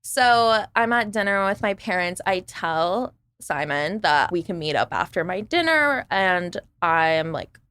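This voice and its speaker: A woman guest on a podcast, casually telling a dating story in an animated way, acting out what others said and using lots of "like". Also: on the low side, a little slow, few pauses, clean tone, no echo.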